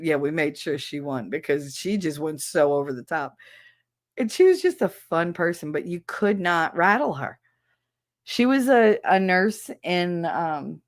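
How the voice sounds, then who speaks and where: A woman podcast host telling stories in a casual, animated way, laughing and acting out voices. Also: lowish voice, no echo, clean studio sound. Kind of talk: casual storytelling.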